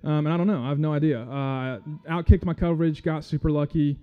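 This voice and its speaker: Male guest preacher, fairly high voice, friendly and halting, on a dull lo-fi recording. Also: smooth. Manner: friendly, self-deprecating, halting with many fillers. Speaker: guest church speaker. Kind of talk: casual sermon.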